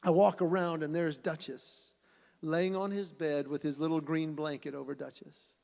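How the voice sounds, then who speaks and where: Male event speaker, lively storyteller, reverberant hall. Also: a little high, moderate pace, gravelly. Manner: animated storyteller who acts out voices. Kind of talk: storytelling speech to an audience.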